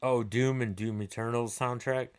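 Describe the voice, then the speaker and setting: A man's voice: medium pitch, steady tone, moderate pace, clean tone. A middle-aged man hosting a livestream, chatting loosely with viewers, swearing freely and laughing easily. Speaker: livestream host. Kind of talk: casual chat answering viewer comments.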